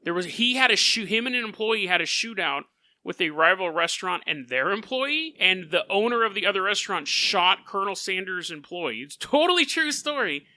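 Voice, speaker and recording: A man tells a story on his podcast in a high, very bright voice that swings widely in pitch. He keeps the delivery animated and often laughs mid-sentence, close on a podcast mic in a dry room. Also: fairly quick, dry recording. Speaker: podcast host.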